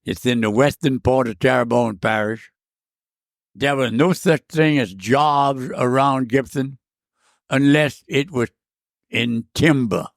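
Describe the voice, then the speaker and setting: A very old man, telling stories in a gravelly voice. He talks slowly and rambles, repeats himself and restarts often. The recording is close and dry. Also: mid-range voice, no echo. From South Louisiana. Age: 90s. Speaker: guest. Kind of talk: casual storytelling interview.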